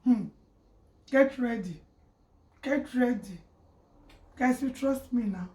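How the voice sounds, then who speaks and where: Unhurried, playful woman, co-host, a bit high, echoey room, distant mic. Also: dark tone. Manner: slow, playful, laughing. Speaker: vlog co-host. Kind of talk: casual mukbang vlog chat.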